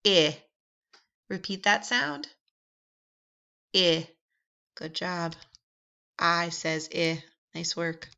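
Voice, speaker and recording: A woman's voice: fairly low pitch, vocal fry, bright, forceful tone. A woman teaching vowel sounds in a phonics drill, patient and encouraging, drawing out each sound. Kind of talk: slow, deliberate phonics drill. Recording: slightly dull, lo-fi sound.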